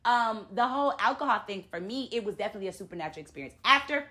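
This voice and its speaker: Woman, 30s, bright voice, animated storyteller, casual faith chat. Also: mid-range voice, rapid-fire. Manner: animated storytelling, church talk.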